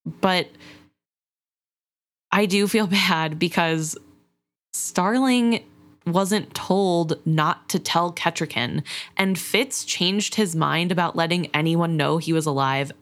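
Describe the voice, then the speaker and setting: A woman's voice: lowish voice, takes it slowly. A woman discussing a book, thoughtful and sympathetic, often hedging her views.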